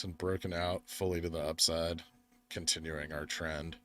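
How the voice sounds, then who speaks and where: A man's voice: a bass voice, little pitch movement, moderate pace, fairly bright tone. A tired young man from the United States hosting a live stream, rambling casually while he reads the chat and the charts. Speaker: livestream host.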